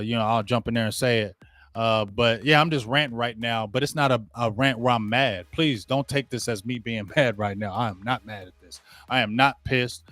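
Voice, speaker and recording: A man with a mid-range, fairly bright voice hosts a sports show during a live game watch-along, giving a casual, slangy play-by-play rant straight to his viewers. The recording is dry.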